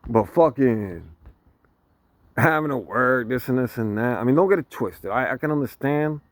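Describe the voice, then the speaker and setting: A man's voice: medium pitch, moderate pace, dry recording. A man ranting casually to camera, swearing constantly and laughing between lines. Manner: profane, laughing often, animated. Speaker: vlogger.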